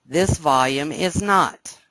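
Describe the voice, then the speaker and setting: Excited woman teaching live trading. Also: deep voice, slow, dry recording. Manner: explanatory, keeps checking listeners follow; excited, animated. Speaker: trading instructor. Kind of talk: live trading room lesson.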